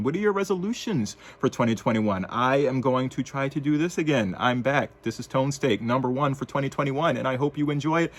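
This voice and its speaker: A man's voice: mid-range voice, a bit bright. A man from the United States, giving wry, sarcastic opinion commentary in a casual vlog. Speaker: vlogger.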